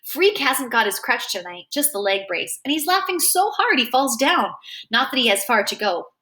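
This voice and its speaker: A woman reading a novel aloud, telling a first-person story in a lively, expressive way. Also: sits high, moderate pace. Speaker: reader.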